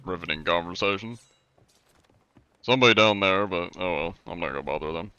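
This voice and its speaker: A man streaming a game live, chatting in a relaxed, rambling way and swearing casually. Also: low voice, fairly quick, clean tone, muffled recording. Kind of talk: casual live-stream chat while gaming.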